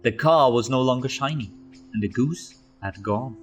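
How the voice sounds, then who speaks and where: A man narrating a children's storybook aloud, expressive, slow and gentle. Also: mid-range voice, soft background music.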